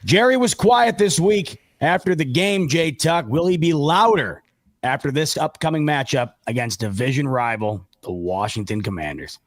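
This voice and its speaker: A man's voice: on the high side, animated, normal speed, no echo, studio quality. Upbeat man hosting a sports stream. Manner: upbeat, reads viewer comments. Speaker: show host. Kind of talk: hosting a live sports roundtable.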